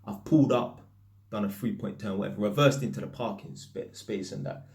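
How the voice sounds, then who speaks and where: A man with a British accent full of London street slang, an electrician casually telling stories to camera in a lively, anecdotal way. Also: fairly low pitch, a little fast, creaky.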